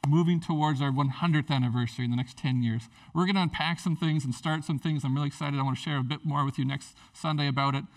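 A pastor preaching a sermon in a church, animated and jokey, acting out characters as he goes. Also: mid-range voice, recorded from a distance.

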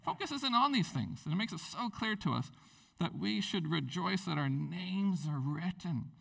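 A tired male pastor preaching with animated, rambling energy, his voice bright and edged with gravel. His pitch sits a little high and leaps up to stress a point. He sounds somewhat distant from the microphone. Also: normal speed. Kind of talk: sermon.

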